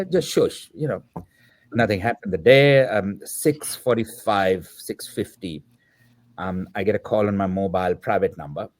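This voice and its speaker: A man's voice: low voice, a little mellow. A man in his fifties, a filmmaker guest, telling a personal story and acting out the dialogue as he goes, with the odd filler word. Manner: acts out quoted dialogue in the telling; reflective, with filler words. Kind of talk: anecdotal storytelling.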